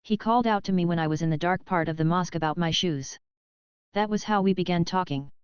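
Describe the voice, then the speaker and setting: A woman's voice: on the low side, fast talker, clean tone, no room sound, clean studio sound, close to an everyday voice. Woman voicing a dreamy old Englishwoman. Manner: mild, musing. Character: dreamy elderly Englishwoman, gentle and vague.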